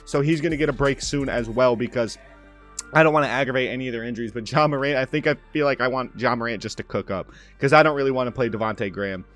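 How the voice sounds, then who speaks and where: A young man commenting on his own video game play, bursting into loud calls on made shots. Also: mid-range voice, fast, faint music behind. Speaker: gaming commentator.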